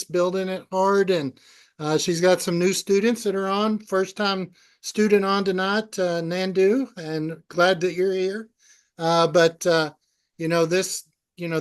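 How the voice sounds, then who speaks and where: A man's voice: sits high, clear, resonant tone. A man introducing his students on a group video call, earnest, with many "uh" fillers. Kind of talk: casual chat.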